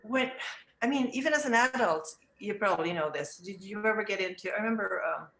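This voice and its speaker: A middle-aged woman answers interview questions in a thoughtful, reflective way, starting over mid-sentence as she works out her point. She sometimes slips into the gentle words an educator would say to a child. Her voice sits at an ordinary pitch, and the room gives it a noticeable echo. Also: brisk. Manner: thoughtful, reflective, with frequent restarts. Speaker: early childhood education director. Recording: roomy echo.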